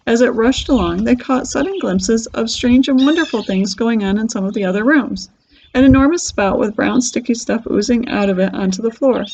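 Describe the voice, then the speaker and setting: A woman reading a children's book aloud with lively, expressive storytelling. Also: on the high side, creaky, a little hiss or hum. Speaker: storybook reader. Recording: dull lo-fi recording.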